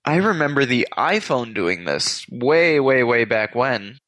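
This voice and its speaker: A man's voice: mid-range voice, sing-song, measured pace, fairly bright tone. A man hosting a podcast in casual chat, rambling and correcting himself as he talks. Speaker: podcast host.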